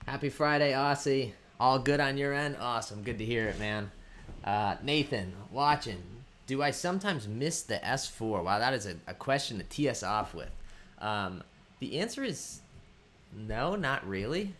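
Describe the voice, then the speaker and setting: A man's voice: on the low side, very animated, unhurried, a bit bright, slight background noise. A man hosting a casual live stream who greets viewers by name and thinks aloud with lots of ums as he chats. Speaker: livestream host. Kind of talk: casual livestream chat.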